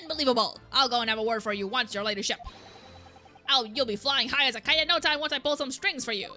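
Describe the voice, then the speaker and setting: A woman's voice: high voice, quick pace, sharp tone, soft background music. A woman playing a blustering male police inspector. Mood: fawning. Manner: blustering and boastful.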